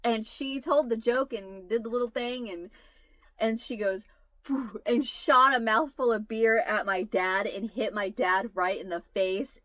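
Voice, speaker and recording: A woman's voice: mid-range voice, pushed and bright, dry recording. A woman in her forties telling a long funny family story to her viewers in casual chat, laughing her way through it. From United States. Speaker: channel host.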